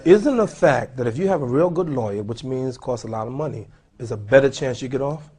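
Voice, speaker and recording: A man speaking as an imam at a seminar, animated and questioning his audience. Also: medium pitch, brisk, husky. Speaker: imam lecturer. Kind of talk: seminar lecture. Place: lecture hall.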